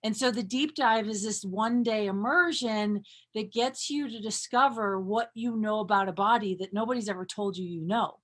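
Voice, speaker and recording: A woman's voice: medium pitch, moderate pace, few pauses. A woman in her thirties talking casually and with bubbly energy as a workshop leader, with lots of fillers. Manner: bubbly, animated, frequent fillers. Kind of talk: casual live-stream talk.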